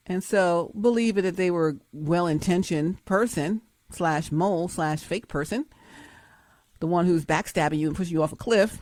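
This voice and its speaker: A woman's voice: on the low side, normal speed, a little mellow, dry recording, clean studio sound. A woman hosting her show, giving emphatic, preachy commentary with frequent laughs. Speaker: host.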